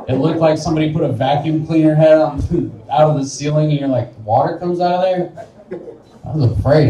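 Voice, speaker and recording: A man's voice: a little high, warm tone, slight background noise. A young man from Wichita doing a rambling, self-deprecating stand-up set in a bar, often laughing at his own jokes. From Wichita, Kansas. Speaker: stand-up comedian. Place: small bar, live stage. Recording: echoey bar room, voice from a distance.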